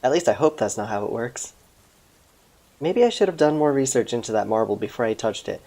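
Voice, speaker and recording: A man's voice: medium pitch, animated, brisk, mellow. A man doing a laid-back young fire goddess. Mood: relaxed.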